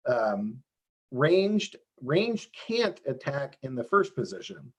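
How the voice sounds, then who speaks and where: Brief: husky man on a video call, animated explainer full of restarts. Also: medium pitch. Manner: animated, talks fast with many restarts and fillers. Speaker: game developer guest. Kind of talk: casual interview explaining a game.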